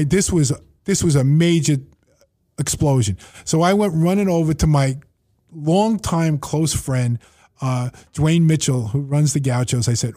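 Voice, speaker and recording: A man's voice: fairly high pitch, measured pace. A man telling stories in a casual podcast chat, acting out his own and others' lines as he goes. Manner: animated storyteller, quoting himself and others. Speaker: facility owner and manager. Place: table in his facility.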